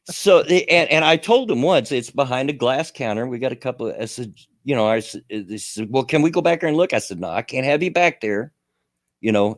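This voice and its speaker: A man's voice: medium pitch, dry recording, studio quality. A man hosting a radio show, telling a rambling story in casual chat, chuckling often and full of fillers.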